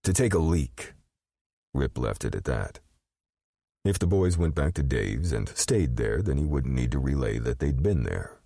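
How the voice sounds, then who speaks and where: A man narrating an audiobook in a measured, expressive storytelling manner. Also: a bass voice, vocal fry, no echo, clean studio sound.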